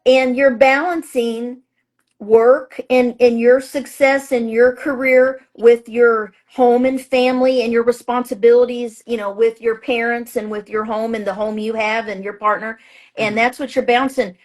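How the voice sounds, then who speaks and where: A woman's voice: fairly high pitch, steady tone, measured pace, a little mellow. A woman astrologer and author being interviewed, talking in a chatty, emphatic way with plenty of fillers and restarts. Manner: acts out her own past thoughts in a raised voice. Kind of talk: casual interview talk.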